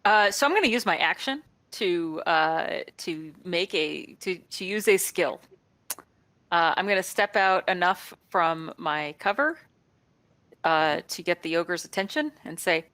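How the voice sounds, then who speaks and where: A woman's voice: on the low side, animated, a little slow, fairly bright tone, no echo. A woman chatting casually as a player in a tabletop game, with lots of fillers. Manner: chatty, laughs often, filler-heavy.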